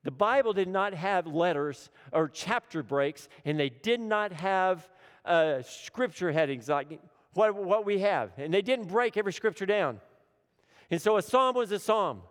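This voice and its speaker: A man preaching a sermon with dramatic swings between urgent, loud lines and hushed, low ones, repeating phrases for emphasis. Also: animated, measured pace, clear, resonant tone. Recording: long hall reverb.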